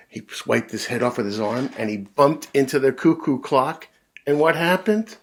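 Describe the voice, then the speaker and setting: A man reading a children's picture book aloud, animated, with big voices and sound effects. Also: medium pitch, moderate pace. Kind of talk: read-aloud storytelling for kids.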